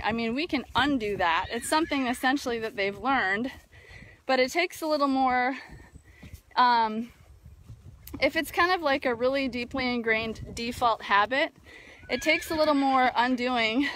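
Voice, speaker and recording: A woman's voice: on the high side, fairly bright tone. A woman hosting a live video about horse training, talking casually with many fillers, outdoors near a barn with a phone. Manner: thoughtful, many fillers and restarts. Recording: faint wind noise outdoors. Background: wind noise.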